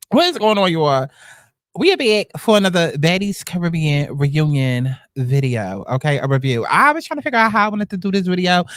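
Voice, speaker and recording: A man, hosting casual reality-show commentary in a sassy, animated, gossipy way and swearing freely. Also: high voice, no room sound, clean studio sound. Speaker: YouTube commentary host.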